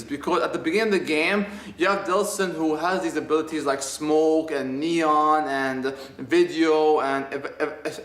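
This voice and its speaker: A man's voice: a little high, a bit bright, reverberant. A man giving a casual spoken review of a video game, rambling and enthusiastic with many restarts.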